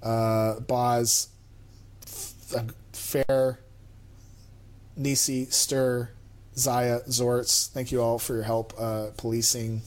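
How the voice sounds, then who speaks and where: A man's voice: mid-range voice, flat delivery, very slow, pauses often, darkish tone. A man hosting a podcast in casual chat, rambling and self-deprecating as he thanks supporters. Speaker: podcast host.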